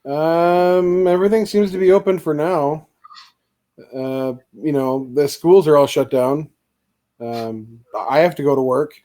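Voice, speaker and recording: A man's voice: fairly high pitch, measured pace, warm tone. A man co-hosting a casual podcast chat, rambling with lots of filler words. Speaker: podcast co-host.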